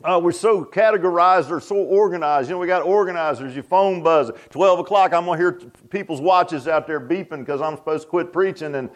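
A man's voice: on the high side, brisk, few pauses. A man preaching a sermon as pastor, folksy and emphatic, repeating himself and laughing at his own jokes.

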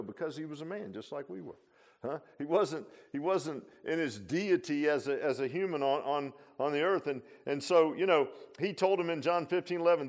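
A man delivers an informal sermon, his voice sitting a little higher than most men's. He preaches in a folksy, animated way, full of rhetorical questions and asides. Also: fairly quick. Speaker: pastor.

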